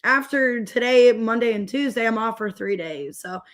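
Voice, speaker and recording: Young female tarot reader, slightly high voice, loose chatty delivery that greets viewers. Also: expressive, normal speed, a bit bright. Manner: chatty, rambling, greets viewers mid-reading. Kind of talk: casual tarot reading.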